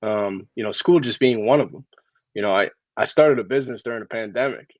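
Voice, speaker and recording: A man with a lowish voice talks as a guest in a relaxed interview. He is earnest and restarts phrases as he builds each point. The audio is dry and slightly dull, like a remote call. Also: fairly quick, no room sound. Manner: earnest, repeats words while building a point. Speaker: guest, sober living founder. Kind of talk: casual interview chat.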